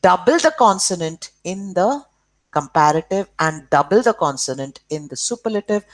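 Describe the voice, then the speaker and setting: A woman teaches young children grammar at a slow, deliberate pace, drawing words out and spelling them letter by letter. Her fairly low voice swings widely up and down in pitch as she checks in with "okay". The sound is dry, with no room echo. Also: expressive. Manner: says "okay" often to check along.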